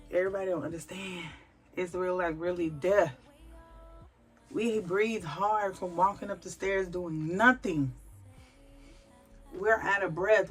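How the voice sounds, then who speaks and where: Pregnant woman, vlogger, emphatic and preachy, faith talk, soft music behind. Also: lowish voice. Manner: emphatic, animated, preachy storytelling. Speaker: vlogger, mother of a large family. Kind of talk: candid faith-filled personal talk to camera.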